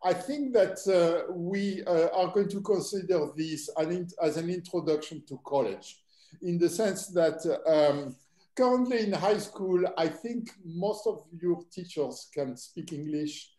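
An older man from southern France with a French accent, a mathematics professor lecturing to students in a relaxed, hesitant way full of fillers. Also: high voice, unhurried. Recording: echoey room.

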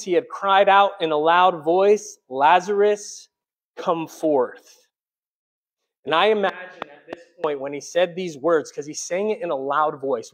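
Man preaching a sermon, conversational. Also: on the high side. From United States. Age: adult, childhood long past. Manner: conversational preaching, swings between soft asides and loud emphatic peaks. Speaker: pastor.

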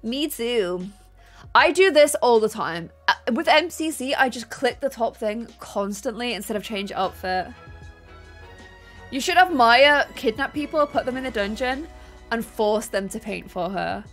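Woman, streamer, high voice, bubbly, chatty game commentary, faint music behind. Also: lively intonation, a little slow, fairly bright tone. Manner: bubbly, gushing thanks to chat. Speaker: gaming streamer.

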